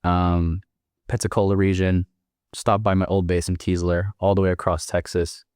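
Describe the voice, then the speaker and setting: Veteran man in his thirties, low-pitched, dry and close; laid-back, profane storyteller for an interview. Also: flat delivery, normal speed, a little mellow, smooth, no room sound. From Northern California. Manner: laid-back and profane, acts out quoted dialogue. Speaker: podcast guest, military veteran.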